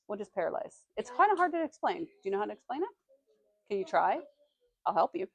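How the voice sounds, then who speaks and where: A woman teaching a classroom reading lesson, reading passages aloud slowly and stopping to quiz her students. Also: medium pitch, very animated, vocal fry, highs cut off.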